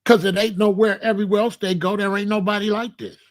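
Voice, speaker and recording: A man in his sixties, host of his own show, speaks in a high-pitched voice that stays level in tone. His casual monologue is emphatic and repetitive, and he lingers over his phrases.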